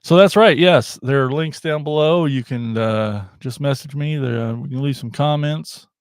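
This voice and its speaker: A man's voice: medium pitch, normal speed, clean tone, no room sound, studio quality. Rambling man hosting a toy unboxing stream. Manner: rambling, self-deprecating, jokey. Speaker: toy podcast host. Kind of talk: casual livestream chat.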